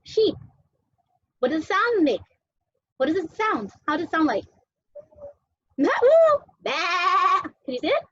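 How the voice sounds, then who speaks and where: High-voiced playful teacher woman. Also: big pitch swings, moderate pace, pauses often, dry recording, highs cut off. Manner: sing-song, playful with children, making animal sounds. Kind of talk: cooking and teaching toddlers at home.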